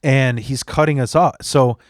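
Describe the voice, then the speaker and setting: A man's voice: medium pitch, fairly even intonation, a little slow, no room sound, studio quality. A young man from the Chicago area, a stand-up comedian telling rambling, profanity-laced stories in a casual podcast chat. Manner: rambling storyteller, swears a lot.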